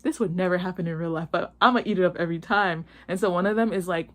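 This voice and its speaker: A woman's voice: lowish voice, quick pace. Slangy young woman gushing about a drama. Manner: animated, slangy, with many "like"s, acting out characters' lines. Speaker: host. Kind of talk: casual chat retelling a drama plot.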